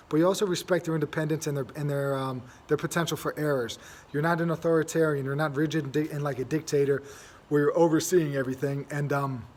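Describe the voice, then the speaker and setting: Chatty young man, slightly high voice. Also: darkish tone. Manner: rambling, many fillers and restarts. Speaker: host. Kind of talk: casual monologue.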